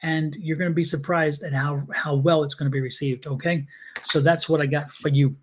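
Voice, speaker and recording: Earnest male tarot reader, higher voice. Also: fairly even intonation, fairly quick, slight background noise. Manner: earnest, repetitive, addresses viewers by name. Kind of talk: live-stream tarot reading.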